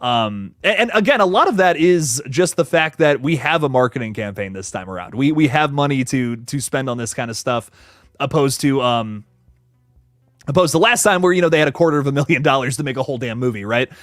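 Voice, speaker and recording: A man's voice: medium pitch, expressive, brisk, a bit bright, no room sound, clean studio sound, soft background music. A young man hosting a live stream, reading chat and rambling cheerfully with many restarts and fillers. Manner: upbeat, thanks viewers by name. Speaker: horror channel host reading live chat. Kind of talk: casual livestream chat.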